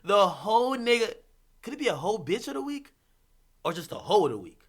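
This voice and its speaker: A man hosting a livestream, ranting about hip-hop in a casual, profane, animated way with bursts of laughter. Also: sits high, brisk, breathy edge.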